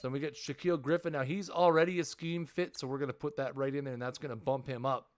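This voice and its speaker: A man's voice: mid-range voice, steady tone, fast. Chatty man streaming a football game. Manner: chatty and explanatory, repeating himself and restarting phrases. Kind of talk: casual live-stream commentary.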